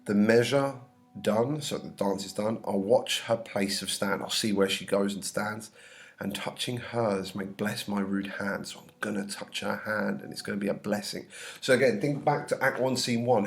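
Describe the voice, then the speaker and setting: Man, teacher, lowish voice, reads play lines then paraphrases casually, slightly ill. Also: fairly even intonation, normal speed, vocal fry. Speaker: English teacher. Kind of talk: explaining a play line by line.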